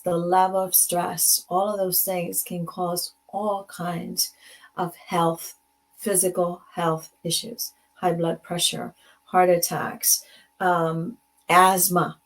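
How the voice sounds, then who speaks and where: A woman hosting a casual motivational talk, slipping into Spanish phrases and acting out little dialogues. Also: lowish voice. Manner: conversational, mixes in Spanish phrases, acts out dialogue. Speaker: host; advocate.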